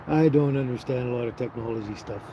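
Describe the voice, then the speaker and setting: A man in a relaxed, easygoing livestream chat, talking at an ordinary mid pitch and chuckling between thoughts. He is recorded outdoors, with clear traffic and street noise behind his voice. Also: normal speed. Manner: easygoing, chuckles often, trails off with fillers. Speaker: livestream host reading viewer chat. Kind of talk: casual live chat.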